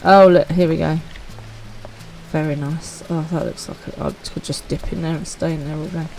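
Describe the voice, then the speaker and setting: A woman's voice: low-pitched, steady tone, moderate pace, music in the background. A woman, chatting upbeat with viewers while streaming a game live.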